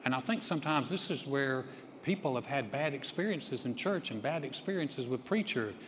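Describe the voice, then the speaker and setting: A man's voice: mid-range voice, lively intonation, moderate pace, fairly bright tone, a little hiss or hum. A male pastor giving a sermon, talking conversationally and building to emphatic preaching. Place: church sanctuary. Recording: long hall reverb.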